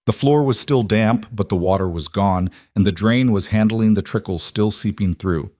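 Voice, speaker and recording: A man reading a dramatic story in an even, measured narration style. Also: lowish voice, no room sound, clean studio sound. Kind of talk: scripted narration.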